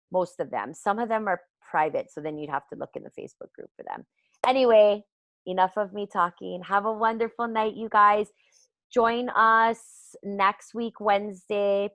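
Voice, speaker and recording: A woman's voice: medium pitch, a bit bright, no room sound. Chatty woman host with a dry sound. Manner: chatty and self-mocking, quick to laugh. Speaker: host of a team business call. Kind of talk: casual chat. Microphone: speaking into a computer mic on a live call.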